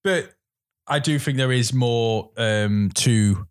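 A man, co-hosting a casual film podcast, talking in a measured, thoughtful way. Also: mid-range voice, clear, resonant tone. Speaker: podcast co-host.

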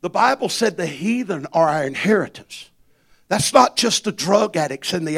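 Male pastor, high and gravelly, preaching with fire and call-and-response. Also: animated, moderate pace, a bit bright. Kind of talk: sermon.

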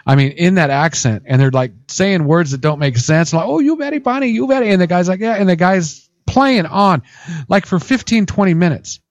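Man hosting a radio chat, high voice, dry close mic, animated storyteller. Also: moderate pace, no echo, lo-fi sound. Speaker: radio show host.

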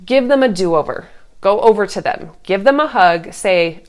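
A woman's voice: medium pitch, expressive, moderate pace. Earnest, reassuring woman coaching parents. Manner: earnest, reassuring, acts out sing-song parent quotes. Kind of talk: casual advice talk.

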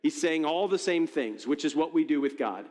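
A man's voice: on the high side, animated, moderate pace, a little mellow. A man preaching a sermon as a pastor, in a conversational, storytelling way with frequent restarts. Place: church auditorium. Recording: long reverb of a large church hall.

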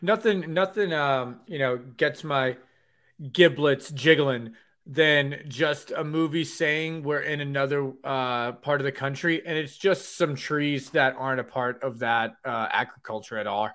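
A man's voice: mid-range voice, measured pace, a bit bright. A man co-hosting a podcast, ranting and joking with lots of swearing. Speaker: podcast co-host. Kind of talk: casual podcast banter.

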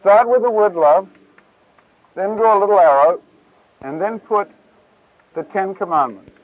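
Man preacher, high voice, animated and folksy; tinny lo-fi tape sound. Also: unhurried. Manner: lively, casual, acts out scripture voices. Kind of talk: Bible teaching talk.

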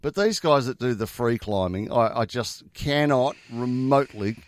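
A man's voice: medium pitch, normal speed, no echo, clean studio sound. A man co-hosting, reacting with exclamations and questions. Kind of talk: casual chat.

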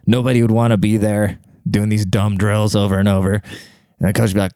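A man in his thirties talking quietly in a rambling, profane casual monologue, keeping his voice down to a near whisper. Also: on the low side, level tone, fairly quick, clean tone, no room sound. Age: 30s. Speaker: vlogger.

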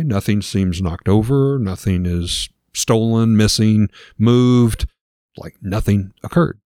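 A man's voice: lowish voice, a little mellow, dry recording, clean studio sound. A man casually retelling a ghost story as a podcast host, with lots of filler words.

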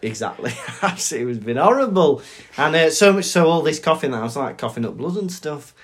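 A man's voice: a little high, sing-song, fast, slight background noise. A young adult man, co-hosting a podcast in casual chat and mimicking people in his stories. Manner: chatty storyteller, mimics others in his anecdotes. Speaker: podcast co-host.

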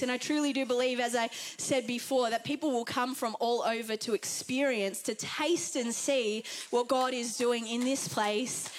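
A young Australian woman preaching an earnest, chatty Pentecostal sermon to a congregation. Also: on the high side. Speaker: guest preacher.

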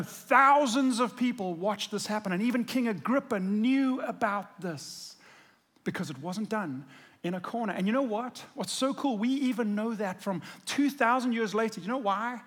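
A man's voice: sits high, fairly bright tone. A man preaching a sermon, telling the story in a casual, conversational way and acting out the quotes. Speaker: pastor.

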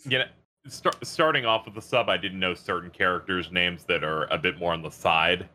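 Low, very bright-toned expressive man. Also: normal speed. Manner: incredulous, expressive, swearing. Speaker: podcast co-host. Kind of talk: casual chat.

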